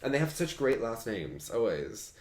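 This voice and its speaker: A man co-hosting a casual podcast chat, gushing and animated as he talks. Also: mid-range voice, normal speed, reverberant. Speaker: co-host.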